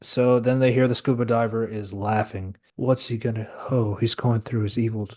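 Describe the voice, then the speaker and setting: A man's voice: medium pitch, steady tone, moderate pace, a little mellow. A man hosting a podcast, casually recapping a film scene by scene in a laid-back storytelling way. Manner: storytelling, laid-back, many filler restarts. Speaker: podcast host reviewing a film.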